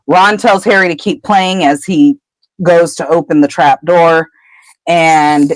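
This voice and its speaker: A woman co-hosting a podcast, retelling a book chapter in casual chat with lively storytelling. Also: deep voice, no echo, rough recording. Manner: animated storytelling. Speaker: podcast co-host.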